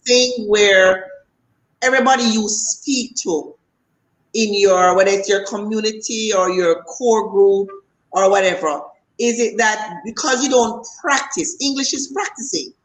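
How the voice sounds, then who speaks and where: A woman host asks her questions slowly and with care, probing for a clearer answer. Her mid-pitched voice carries a noticeable room echo. She speaks in a measured, unhurried way. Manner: slow, probing, asks for clarification. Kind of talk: interview questions. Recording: echoey room.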